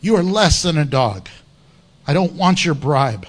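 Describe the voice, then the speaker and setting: A man voicing an old male prophet who curtly and contemptuously turns away a bribe, in a voice lower than his own. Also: very animated, unhurried. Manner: curt, contemptuous.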